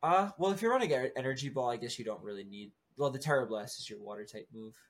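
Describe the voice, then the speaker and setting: A man co-hosting a podcast, talking in a relaxed, rambling way with many fillers. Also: medium pitch, fast. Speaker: podcast co-host. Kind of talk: casual chat about competitive game strategy.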